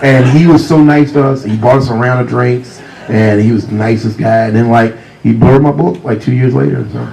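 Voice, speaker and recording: A man with a deep voice telling humorous anecdotes as a guest author at a library talk, speaking close to a handheld mic. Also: fairly even intonation, fairly quick, gravelly, poor audio. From Virginia, USA. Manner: warm, humorous anecdotes, often laughing. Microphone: handheld mic close to mouth.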